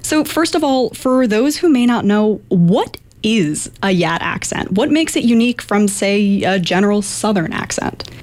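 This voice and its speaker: A woman's voice: mid-range voice, expressive, a little slow, few pauses, a little mellow. A woman radio reporter interviewing a guest with brief, curious questions.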